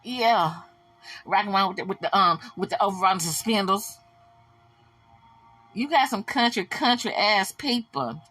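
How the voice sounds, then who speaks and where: A woman hosting a celebrity gossip show, blunt, animated and profane. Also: mid-range voice, moderate pace, long pauses. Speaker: host.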